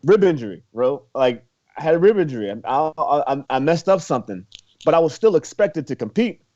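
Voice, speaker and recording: A man's voice: fairly high pitch, sing-song, brisk, mellow. A young man and former college wrestler, talking casually as a guest, laid-back, laughing often and filling his talk with "you know" and "like". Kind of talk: casual interview chat. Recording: muffled lo-fi recording.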